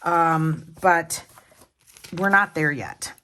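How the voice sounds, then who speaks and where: A woman with a slightly low-pitched voice chats casually to her viewers in a home vlog. She rambles, restarts her sentences and wanders into asides as she talks. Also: drawn-out words, pushed and bright. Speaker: planner vlogger.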